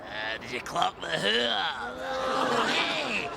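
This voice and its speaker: An actor playing a leering, heckling old drinker with a Scottish accent, in a comedy sketch. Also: male voice, sits high, wildly swooping pitch, slow pace, background noise, heavily acted. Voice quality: gravelly, shouting, heckling. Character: rowdy, leering old male drinker on a night out.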